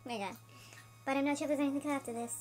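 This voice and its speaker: Chipmunk-pitched woman cheering a game on. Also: very fast, soft background music. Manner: giggly, cheering her partner on. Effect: sped-up chipmunk pitch shift. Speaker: let's play co-host. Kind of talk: casual gaming commentary.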